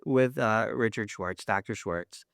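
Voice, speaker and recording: A man, a therapist, chatting as a podcast guest, playful and animated as he acts out his own thoughts. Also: on the low side, measured pace, vocal fry, clear, resonant tone, dry recording, clean studio sound. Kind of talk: casual interview chat.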